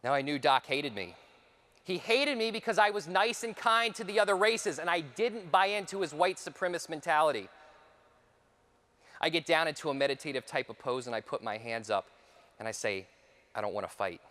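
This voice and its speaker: A man giving a conference talk, telling a personal story with dramatic shifts, sometimes dropping to a hushed voice. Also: fairly high pitch, lively intonation, fairly quick, long reverb tail. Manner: dramatic storytelling, dropping to near whispers for repeated phrases. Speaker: conference speaker.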